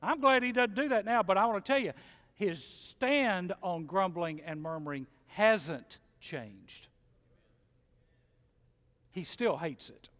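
A middle-aged man preaching a sermon in a church, folksy and animated, mimicking grumblers. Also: sits high. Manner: animated, folksy, mocks complainers in mimicking voices. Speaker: pastor. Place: church sanctuary. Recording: long hall reverb.

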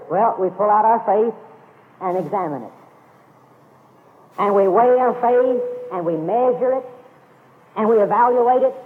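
High-voiced preacher on tinny radio. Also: male voice. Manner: emphatic, repeats key phrases. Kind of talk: sermon. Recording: phone-like lo-fi radio broadcast with long reverb.

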